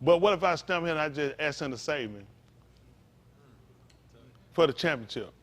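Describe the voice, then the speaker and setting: High animated preacher man. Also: moderate pace. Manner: animated, calls out to the congregation, folksy vernacular. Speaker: pastor. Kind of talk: interactive sermon.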